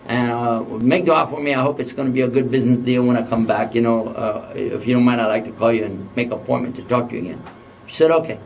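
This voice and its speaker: A man's voice: mid-range voice, fairly even intonation, quick pace, distant mic, a little hiss or hum. A man giving a religious lecture, telling a humorous personal story and acting out the dialogue. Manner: humorous, anecdotal, acts out dialogue.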